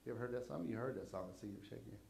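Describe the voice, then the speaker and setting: A man's voice: mid-range voice, racing, vocal fry, a little mellow. An older man, preaching a sermon and telling folksy stories about his family in a conversational way. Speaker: pastor. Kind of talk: sermon storytelling.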